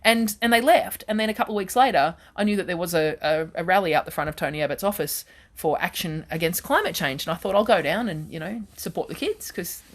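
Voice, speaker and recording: A woman, a guest comedian telling animated stories in casual chat on a radio show. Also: on the low side, quick pace. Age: 40s. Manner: animated, chatty anecdote telling. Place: radio studio.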